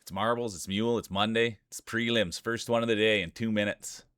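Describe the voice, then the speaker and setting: A man's voice: on the low side, fairly even intonation, a little fast, fairly bright tone, no room sound, clean studio sound. A man with a Canadian accent streaming live, greeting his chat by name and joking through marble race commentary. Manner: chatty, greets viewers by name, jokey.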